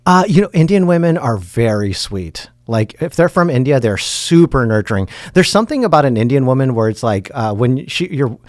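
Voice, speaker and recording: A man with a Californian accent and a lot of vocal fry talks in a laid-back podcast chat. He pads his sentences with fillers and repeats himself as he goes. His voice sits in a middle pitch and is recorded dry and close. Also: big pitch swings, brisk, hardly any pauses, no echo. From San Francisco Bay Area. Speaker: guest.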